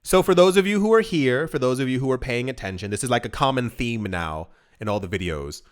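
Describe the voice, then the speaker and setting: A man's voice: mid-range voice, lively intonation, brisk, smooth. A man hosting a casual video, talking straight to camera with emphatic, repetitive phrasing and lots of restarts. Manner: emphatic, repeats words and stumbles, acts out quoted voices. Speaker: crypto video host. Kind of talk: casual direct-to-camera commentary.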